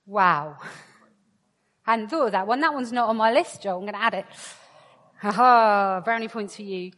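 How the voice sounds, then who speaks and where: A woman giving an interactive sermon to her congregation. She jokes with the crowd, then slows right down to press her points. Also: mid-range voice, a bit bright. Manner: playful and joking with the crowd, then slow and emphatic. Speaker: preacher. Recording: long hall reverb.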